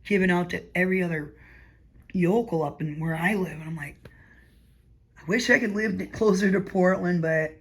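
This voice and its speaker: A woman's voice: on the low side, moderate pace, pauses often, husky. A woman rambling through a casual monologue at home before bed, chatty and digressive, laughing often and sometimes dropping to a murmur. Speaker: vlogger.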